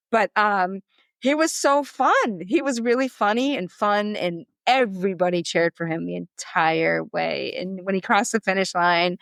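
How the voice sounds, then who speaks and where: A woman who is a marathon runner and coach, telling stories in a lively, chatty way as a podcast guest. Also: mid-range voice, no echo. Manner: animated, quick storyteller acting out quotes. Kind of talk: casual storytelling interview.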